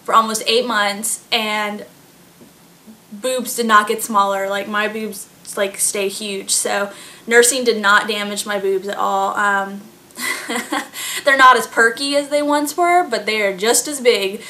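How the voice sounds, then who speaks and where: A woman's voice: medium pitch, steady tone, measured pace, sharp tone. A pregnant woman in her late twenties chatting casually to her vlog audience, giggling often and filling her talk with fillers. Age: late 20s. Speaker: vlogger. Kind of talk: casual chat.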